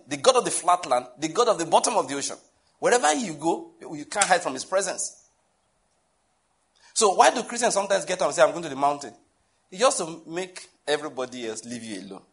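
A Nigerian pastor with a medium-pitched male voice preaches a sermon in a conversational, funny style. He often puts questions to his listeners.

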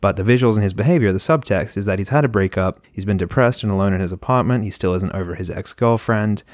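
A young man co-hosting a casual screenwriting lesson, an animated storyteller who laughs often. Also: fairly low pitch, fast talker, no echo, studio quality. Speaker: screenwriting instructor, co-host. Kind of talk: casual teaching discussion.

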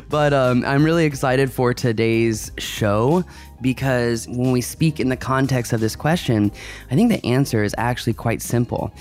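A man's voice: mid-range voice, normal speed, darkish tone, faint music behind. A man hosting a podcast in a casual, upbeat and rambling way. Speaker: podcast host.

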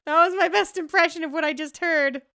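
A woman's voice: very high-pitched, brisk, bright, forceful tone. A woman hosting a tabletop role-play podcast as game master, chatty and laughing often as she narrates the scene.

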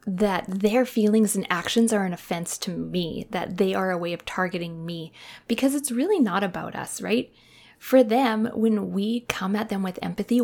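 A woman in her thirties hosts a casual podcast monologue at medium pitch. She's earnest and reflective, often dropping into a soft whisper.

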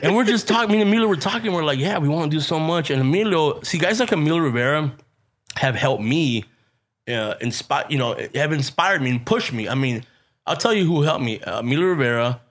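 A male comedian telling stories in a casual chat, animated and laughing, swearing freely and dropping in Spanish slang. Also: fairly high pitch, fairly quick. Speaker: stand-up comedian, guest.

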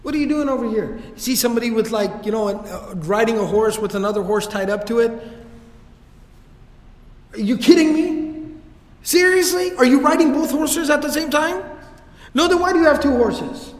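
A male lecturer doing an older man fed up with luxury. He fires off indignant questions in a raised, high voice. The sound rolls around a reverberant hall. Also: fast talker, few pauses, darkish tone, lightly acted. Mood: exasperated. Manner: exasperated, incredulous rants. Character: irritable older man scolding the wealthy, blunt.

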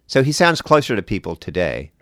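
A man in casual conversation about acting and accents, animated and quick to laugh. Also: lowish voice, creaky, no echo, studio quality. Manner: animated, laughs often, mimics voices in passing. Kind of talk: casual chat.

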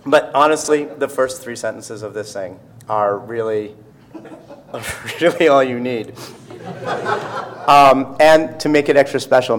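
A man's voice: lowish voice, a little hiss or hum. A man speaking as an author at a public reading, chatting casually and joking at his own expense before reading. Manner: self-deprecating, joking, quick asides. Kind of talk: casual talk to a live audience.

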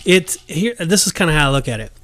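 A man's voice: fairly high pitch, big pitch swings, fast talker, a bit bright, no echo. A man co-hosting a casual Bible discussion podcast who talks emphatically and acts out the scenes he describes. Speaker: podcast co-host.

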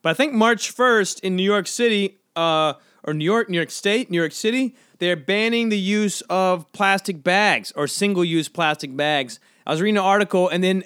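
Rambling man with a higher, dry voice. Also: a bit bright, clear, resonant tone, no room sound. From American South. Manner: rambling, self-questioning, lots of fillers. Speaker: podcast host. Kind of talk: casual solo monologue.

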